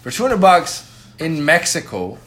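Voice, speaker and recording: A man's voice: a little high, big pitch swings, unhurried, fairly bright tone, echoey room, a little hiss or hum. A young man co-hosting a crude podcast chat, blunt and swearing freely. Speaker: podcast co-host.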